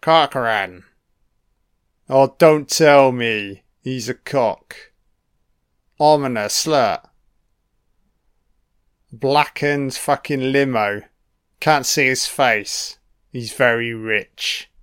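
A man's voice: mid-range voice, drawn-out words, pauses often, fairly bright tone, smooth. A man giving a casual, sweary and sarcastic commentary on a film.

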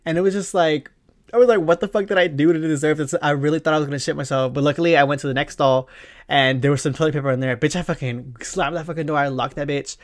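Talking at a quick pace in a voice on the high side, a young podcast host recounts an embarrassing story of his own. The monologue is casual and rambling, loaded with swearing, slang and fillers.

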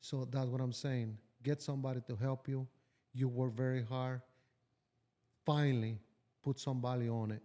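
A man with a dark, mellow voice speaks as a guest in a casual podcast chat. He is blunt and swears freely, and he tells his stories with animated energy. His pitch sits at a middle level for a man. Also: normal speed. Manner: blunt and profane, animated storytelling. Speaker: business owner guest.

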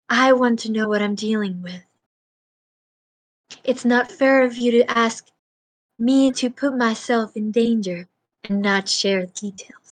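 A woman player speaking in character in a tabletop game, earnest and pressing with her questions. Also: on the high side. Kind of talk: in-character role-play.

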